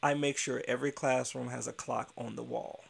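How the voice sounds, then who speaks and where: A man voicing an evasive female teacher who flatly denies being caught lying, with stubborn, flat replies. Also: mid-range voice, normal speed, vocal fry, slightly rough.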